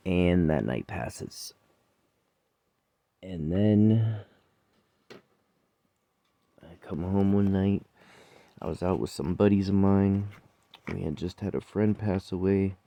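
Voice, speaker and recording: A man's voice: sits low, slow, long pauses, dark tone, dry recording. A man who works as a chef, telling a personal story in a blunt, profane, rambling way, with laughs.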